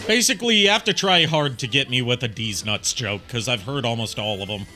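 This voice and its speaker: A man's voice: mid-range voice, animated, a little fast, music in the background. A man chatting casually on a game stream, rambling through his points, swearing freely and laughing at his own jokes. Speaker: stream guest.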